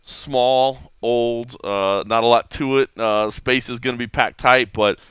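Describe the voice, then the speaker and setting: A male podcast host with a bright, forceful voice that comes across smooth and resonant. He talks casually and animatedly, often restarting his sentences. The sound is dry and close. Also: mid-range voice, unhurried, no echo. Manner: animated storytelling with many restarts. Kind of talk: casual sports chat.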